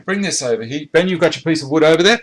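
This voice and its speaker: A man's voice: fairly high pitch, lively intonation, racing, a bit bright, slight background noise. A middle-aged Australian man hosting a woodworking live stream in his home workshop, chatting and joking as he reads out viewer comments. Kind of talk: casual live-stream chat.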